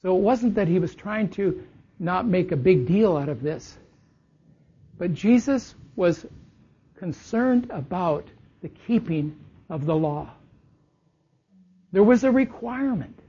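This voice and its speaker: A preacher giving a sermon, teaching slowly and deliberately and lingering on key words. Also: medium pitch, lively intonation, mellow, slightly rough. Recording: dull lo-fi recording.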